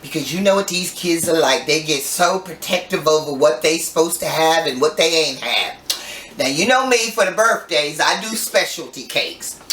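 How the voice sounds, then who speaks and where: Older woman, cooking host, playful folksy chatter, bright tone, roomy echoing kitchen, mic at a distance. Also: medium pitch. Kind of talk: casual cooking demonstration. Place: home kitchen.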